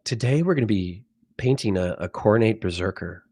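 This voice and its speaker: A man putting on the soft voice of a calm male TV painting instructor in whispered role-play, slow and gentle. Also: lowish voice, no room sound, clean studio sound, voice pushed down. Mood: soothing.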